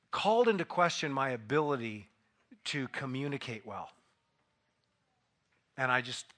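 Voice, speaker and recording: A man preaching a sermon in a conversational storytelling way, now and then rising into loud, acted bursts. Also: sits high. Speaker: pastor. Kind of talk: sermon with personal anecdote.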